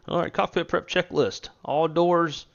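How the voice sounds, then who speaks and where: A man co-hosting a live flight-simulator stream in casual chat, relaxed, laughing often and swearing offhandedly. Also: a little high, gravelly, lo-fi sound. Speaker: stream co-host.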